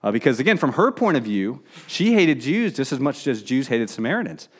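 A man's voice: mid-range voice, very animated, a little fast. A middle-aged man preaching a sermon in a conversational way, with frequent fillers and restarts. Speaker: pastor.

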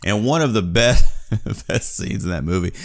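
A man's voice: lowish voice, animated, moderate pace, creaky. A man hosting a casual movie chat, talking enthusiastically and agreeing often. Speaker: podcast host.

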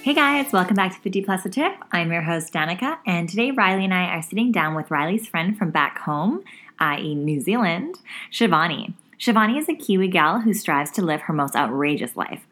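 A woman's voice: fairly low pitch, lively intonation, fairly quick, fairly bright tone, soft background music. A woman hosting a podcast in casual, playful chat, laughing often and speaking bluntly. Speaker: podcast host.

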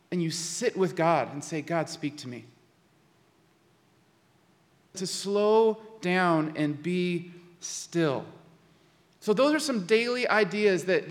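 A man preaching a sermon in a conversational way, often repeating words and slowing to a hushed voice on key phrases. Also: sits high. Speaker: pastor. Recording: long hall reverb.

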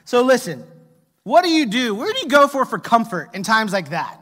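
A man's voice: very high voice, very animated, normal speed, sharp tone. A middle-aged man preaching a sermon as pastor, telling humorous family stories and asking the congregation to answer. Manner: humorous storytelling, asks the congregation for replies. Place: church hall with long reverb. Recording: echoey church hall.

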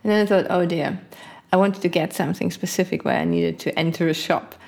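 A woman's voice: on the low side, big pitch swings, fast talker, gravelly, darkish tone. A woman whose first language is not English co-hosting a podcast, giggly and searching for words in casual chat. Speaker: podcast co-host.

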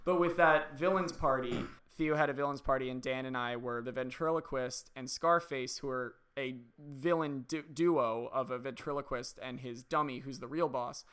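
A man's voice: medium pitch, normal speed, few pauses, fairly bright tone, roomy sound. A man co-hosting a podcast, telling stories in casual chat and laughing often. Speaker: podcast co-host.

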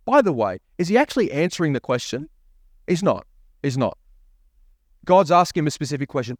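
Man preaching a sermon, higher-pitched, dry sound with no room echo, engages listeners with questions. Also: sing-song, fairly quick, pauses often. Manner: preaching with rhetorical questions to the congregation; reads scripture aloud, voicing the prophet's lines. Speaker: pastor.

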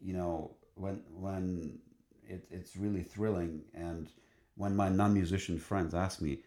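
His voice sits low, darkish and expressive, with reverb in the recording; he sings in a choir. Telling a story with enthusiasm in conversation, he stumbles along, repeatedly restarting and using fillers.

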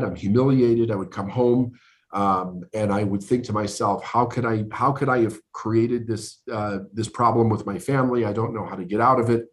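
This middle-aged American business coach, appearing as a podcast guest, has a lowish voice. He earnestly recounts his life story in conversation, speaking emphatically and repeating words as he builds momentum.

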